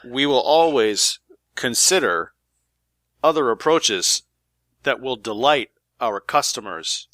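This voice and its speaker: A man playing a stiff corporate spokesman who answers in measured, boilerplate phrases. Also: medium pitch, expressive, sharp tone, dry recording. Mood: stiff, formal.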